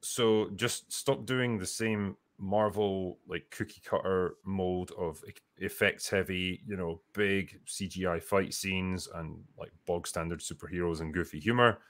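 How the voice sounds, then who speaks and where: A man with a very low voice rambles through a casual livestream chat. He fills his talk with fillers and the odd swear word as he reads out viewer comments. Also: fairly even intonation, unhurried, hardly any pauses. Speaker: livestream co-host reading chat.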